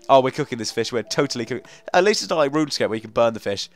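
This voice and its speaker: A man's voice: mid-range voice, quick pace, no room sound. Chatty young man doing game commentary. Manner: chatty, coaxing, easily frustrated, bursts of excitement. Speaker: gaming commentator. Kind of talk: let's play commentary.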